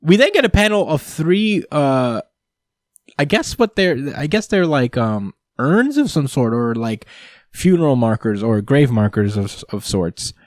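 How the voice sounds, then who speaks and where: A podcast host with an ordinary, middle-pitched man's voice runs through a comic chapter in an easygoing way. He wanders through his sentences with plenty of fillers and keeps breaking into small laughs. The sound is dry and close, with no room around it. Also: very animated, measured pace, dry recording. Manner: rambling with frequent fillers and chuckles. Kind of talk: casual manga chapter recap.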